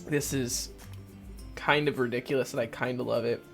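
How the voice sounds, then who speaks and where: A man's voice: medium pitch, steady tone, fast talker, vocal fry, a bit bright, faint music behind. A young man commenting on a game playthrough, rambling and amused, swearing casually. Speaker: gaming youtuber.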